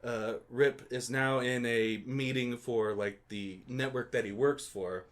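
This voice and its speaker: A man's voice: medium pitch, fairly even intonation, unhurried. A man co-hosting a podcast, casually recapping a movie and laughing often as he goes. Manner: laughs often while recapping, loose and amused. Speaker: podcast co-host.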